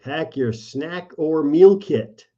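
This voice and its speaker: A man's voice: a little high, expressive, takes it slowly, warm tone. A middle-aged man from New York, co-hosting a casual chat in an easygoing way with dry quips. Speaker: co-host. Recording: slightly dull, lo-fi sound.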